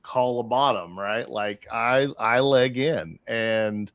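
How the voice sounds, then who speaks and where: A man's voice: mid-range voice, slow pace, fairly bright tone, no echo. Dry-voiced man explaining long-term investing. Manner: reflective, stammers at starts, swears casually. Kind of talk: casual debate on a market show.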